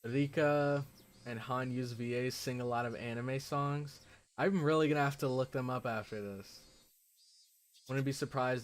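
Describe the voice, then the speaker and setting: A man streaming a visual novel, reading its text aloud and chatting excitedly between passages with frequent "like" fillers. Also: mid-range voice. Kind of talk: reading game text aloud with casual commentary.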